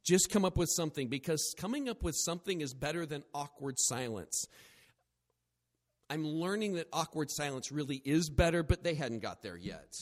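A man with a high voice preaches a sermon. He is animated, acts out the people he quotes and cracks jokes at his own expense. His voice rings with the long reverb of a church hall. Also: normal speed. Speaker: pastor.

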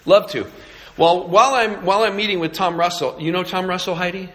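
A man's voice: high voice, fairly even intonation, fast, fairly bright tone. A middle-aged man from California, a pastor telling a story in a sermon with a flippant, self-mocking, sarcastic manner. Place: church sanctuary. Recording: echoey hall reverb.

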